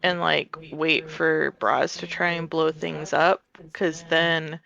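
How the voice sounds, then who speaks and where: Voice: medium pitch, flat delivery, takes it slowly, vocal fry, sharp tone. A player in a tabletop game, talking practically and measuredly about a plan. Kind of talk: casual chat. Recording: dull lo-fi mic.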